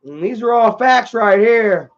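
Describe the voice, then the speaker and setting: A man's voice: sits high, animated, unhurried, highs cut off. A man hosting a livestream, chatting casually and reading out viewer comments in a rambling way with many filler sounds. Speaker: livestream host.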